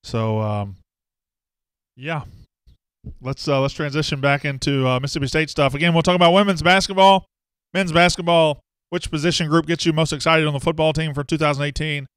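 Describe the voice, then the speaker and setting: A man's voice: a little high, steady tone, fairly quick, a bit bright, clean tone, no echo. A man hosting a casual live sports talk show, rambling and self-deprecating as he greets viewers by name.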